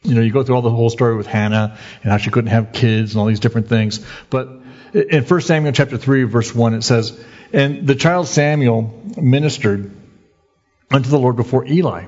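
A male pastor delivers a relaxed, conversational sermon, slipping into the voices of the people in his stories. His voice is husky and mid-pitched. The recording sounds dull and lo-fi. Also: moderate pace. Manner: lively storyteller who acts out the quoted voices; conversational, folksy preaching.

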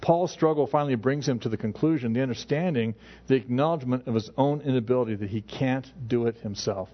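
A middle-aged male pastor delivering a sermon in a mid-pitched, conversational voice. He restarts his phrases often as he works through scripture. The recording sounds dull and lo-fi. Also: quick pace. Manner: conversational preaching with frequent restarts.

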